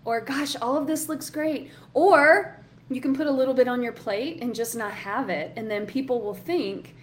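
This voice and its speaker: Woman, workshop coach, chatty and encouraging, somewhat high voice, faint noise behind. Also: normal speed. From Southern US. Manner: chatty, encouraging, reads chat comments aloud. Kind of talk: live online workshop talk.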